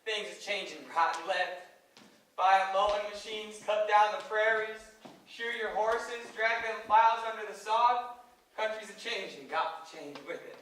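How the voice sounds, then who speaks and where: A man's voice: high-pitched, fairly even intonation, unhurried, sharp tone. A man playing a cocky young cowboy on stage, with a teasing, playful country drawl. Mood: earnest. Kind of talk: amateur stage acting. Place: large theater stage. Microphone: distant audience camera. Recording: echoey hall, far from the mic, faint hiss.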